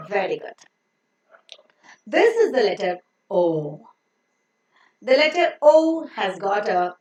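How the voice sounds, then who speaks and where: Lady teaching pronunciation, goes slow and repeats words, roomy echo. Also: mid-range voice, sing-song. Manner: deliberate, repeats words for learners to copy. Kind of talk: slow instructional lesson. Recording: echoey room.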